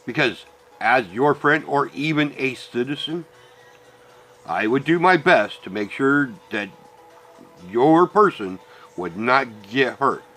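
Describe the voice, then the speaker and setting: A man's voice: mid-range voice, expressive, slow pace, bright, forceful tone, soft background music. A middle-aged man ranting bluntly and profanely in a personal monologue about family and parenting. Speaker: vlogger.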